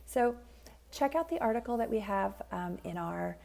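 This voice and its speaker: A woman speaks as a parent coach in a calm, unscripted educational tip. Her voice is heavily gravelly with a dark, mellow tone, and she pauses often on fillers as she explains. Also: medium pitch. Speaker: parent coach and child sleep expert. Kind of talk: informal educational video tip.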